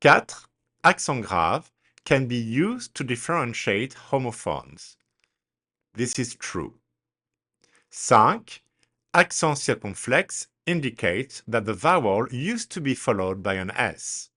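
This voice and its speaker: A man teaching French pronunciation, speaking deliberately and spelling words out letter by letter in a slow drill. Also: medium pitch, big pitch swings, sharp tone.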